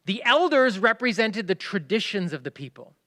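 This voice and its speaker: High-voiced man preaching emphatically. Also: sing-song, normal speed. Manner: emphatic preaching, swinging between loud stresses and hushed asides; explains by asking listeners to pay attention. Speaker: pastor. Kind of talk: sermon.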